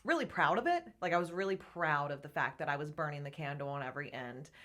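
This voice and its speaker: A woman's voice: sits low, fast talker, a bit bright. A woman guest on a podcast, chatting candidly and laughing often as she talks about her work. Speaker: podcast guest, gym co-owner. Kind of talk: casual interview chat.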